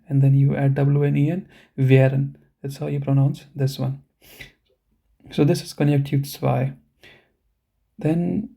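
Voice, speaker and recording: Dark, gravelly male language teacher. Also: a little high. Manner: explains step by step, often checking with "right?"; slow, deliberate pronunciation of example words. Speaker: German teacher. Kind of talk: live online language lesson.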